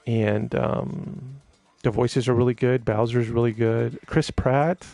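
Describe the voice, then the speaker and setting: A man talks loosely through a live stream in a gravelly, mid-pitched voice, stumbling over restarts and fillers as he goes. Faint music plays under his chatter. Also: fairly even intonation, slow, warm tone, no echo. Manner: rambling, laughs often, many fillers and restarts. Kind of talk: casual live-stream chat.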